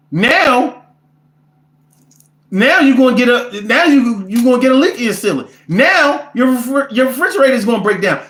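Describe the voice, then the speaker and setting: Casting: high-pitched man, comic ranter in an echoey room. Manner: animated, profane, rants with repetition. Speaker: host reading viewer comments. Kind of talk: casual comedic storytelling.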